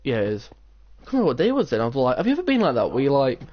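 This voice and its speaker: A man's voice: mid-range voice, huge pitch swings, rapid-fire, highs cut off. A teenage boy, chatting casually and rambling while playing a game, with many "like"s. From England. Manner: rambling, storytelling with lots of "like". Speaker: gaming channel host. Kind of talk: casual gameplay chat.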